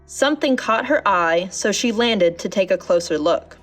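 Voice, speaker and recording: A woman narrating a children's storybook in a gentle, measured reading voice. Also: mid-range voice, expressive, soft background music.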